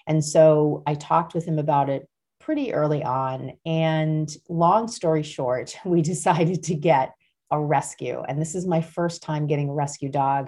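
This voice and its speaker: Low-voiced woman podcast host chatting. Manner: warm rambling with frequent fillers and restarts. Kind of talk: casual personal chat.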